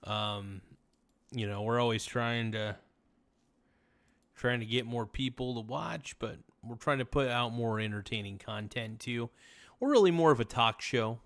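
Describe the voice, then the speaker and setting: A man's voice: medium pitch, a little slow, a bit bright. Tired male streamer, casual rambling talk-show host, medium voice. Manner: rambling, tired and laid-back, says "man" a lot. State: tired, yawning. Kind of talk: casual late-night stream chat reading viewer messages.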